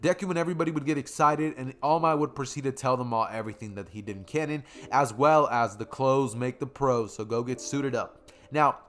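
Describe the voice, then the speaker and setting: A man's voice: medium pitch, a little fast, a bit bright. A young man casually retelling his own fan story, rambling, slangy and correcting himself as he goes.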